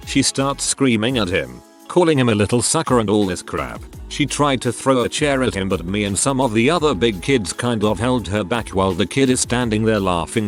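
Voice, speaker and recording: Guy narrating reddit-style stories, low voice, super lively delivery, wry little asides, faint music under it. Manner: wry, expressive storytelling with joking asides. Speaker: story narrator. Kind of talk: reading online stories with asides.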